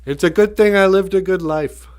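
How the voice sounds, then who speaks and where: A man voicing an excited male hunter who gushes about his afterlife, his voice pitched up. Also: normal speed, natural voice. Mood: thrilled. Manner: gushing, excited.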